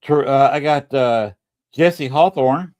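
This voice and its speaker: Relaxed hesitant male podcast host. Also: medium pitch, slow pace. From American South. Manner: relaxed, hesitant, many uh fillers. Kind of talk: casual podcast chat.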